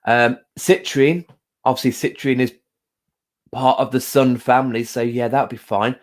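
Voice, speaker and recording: Speaking in a mid-range voice with little pitch movement, a man runs a casual live stream where he reads cards. His chat is gentle, full of pauses and fillers, and he says hello to viewers by name.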